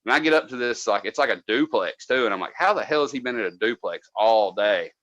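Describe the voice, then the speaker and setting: A man's voice: fairly low pitch, fast talker, dry recording, lo-fi sound. Profane man telling a work story. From North Georgia. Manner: profane, animated, acts out quotes loudly. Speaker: podcast co-host, former cable tech. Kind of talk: casual storytelling.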